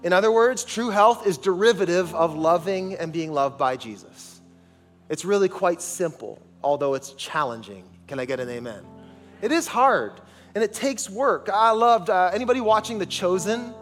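A man's voice: sits high, animated, moderate pace, a bit bright, in a large hall, soft background music. A man preaching a sermon as pastor, emphatic and calling on the congregation for responses, in a large church sanctuary.

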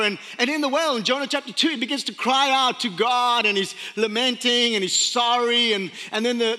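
Guy preaching in a big echoey church, super high bright voice, acts out the characters. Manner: animated storytelling, acts out voices. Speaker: pastor. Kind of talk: sermon. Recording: long hall reverb.

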